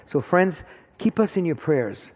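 A man speaking as a guest in a church, telling an animated, excited story and then praying. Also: fairly high pitch, a little slow, breathy edge. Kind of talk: testimony and prayer in church. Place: church hall. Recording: dull echoey hall sound.

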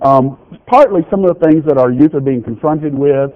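A man's voice: on the high side, moderate pace. A middle-aged man, a pastor, chatting folksily with his congregation, reading out children's notes and tossing questions back to the room. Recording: dull lo-fi church recording.

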